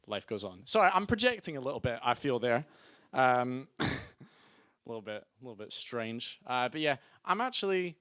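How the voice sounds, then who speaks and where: A young Scottish man hosting a student stand-up night, chatty and self-deprecating, hyping the crowd in loud bursts. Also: medium pitch, sing-song, moderate pace, clear, resonant tone, dry recording, clean studio sound. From Scotland. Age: young adult. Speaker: stand-up host and compere. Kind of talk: live stand-up comedy. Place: student comedy night venue.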